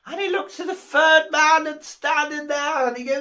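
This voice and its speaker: Woman rambling thru a christmas joke, high voice, keeps cracking herself up. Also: moderate pace, pushed and bright. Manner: rambling, giggling joke-teller. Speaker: comic storyteller. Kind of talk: comic Christmas speech.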